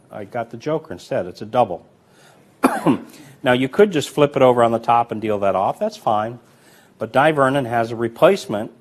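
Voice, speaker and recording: A man walks through card sleights step by step, talking as he handles the deck. His delivery is relaxed and explanatory, with a teacher's patience. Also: medium pitch. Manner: relaxed, explanatory, talks while demonstrating. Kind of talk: instructional demonstration.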